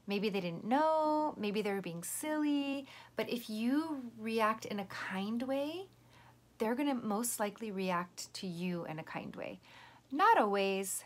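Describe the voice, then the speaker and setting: Gentle teacher woman talking to children. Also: fairly high pitch, lively intonation, slow pace. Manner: gentle, patient, explains step by step. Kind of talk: lesson for young children.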